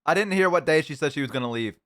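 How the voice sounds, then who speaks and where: Male streamer, slightly high, smooth voice, rambling self-deprecating chat with many fillers, munching between lines. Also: lively intonation, fast, a bit bright. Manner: eating while talking.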